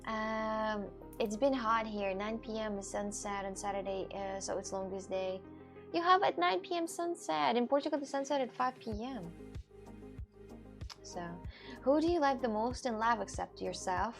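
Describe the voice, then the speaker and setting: A woman's voice: fairly high pitch, moderate pace, vocal fry, soft background music. A woman in her twenties chatting casually with her viewers on a live stream, rambling from one thought to the next. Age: 20s.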